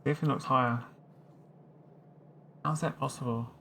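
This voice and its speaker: A man's voice: medium pitch, fairly even intonation, a little fast, creaky, a bit bright, slight background noise. A man streaming a game, chatting casually and teasing his viewers while he thinks aloud. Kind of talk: casual live-stream chat while playing.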